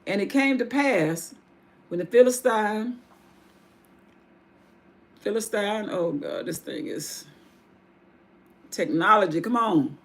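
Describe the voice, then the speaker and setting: Woman on a livestream telling a bible story, casual and loose, gravelly voice. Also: medium pitch, expressive, slow, pauses often. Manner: casual vernacular with restarts and asides. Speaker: livestream host. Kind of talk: informal Bible story retelling.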